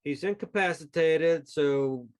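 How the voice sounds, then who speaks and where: A man serving as game master, running a tabletop game at an unhurried pace with many pauses and fillers. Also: fairly high pitch.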